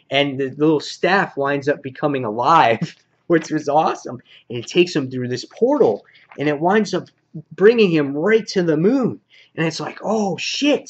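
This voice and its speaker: A man reviewing comic books in a casual, rambling way, full of fillers and excited retelling. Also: on the high side, dull audio. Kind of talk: casual review and plot recap.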